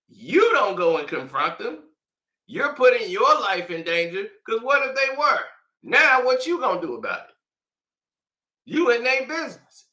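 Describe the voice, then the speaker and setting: Bright, high-voiced man in a roomy space. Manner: casual, slangy, laughs often between lines. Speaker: commentator. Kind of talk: animated commentary and storytelling.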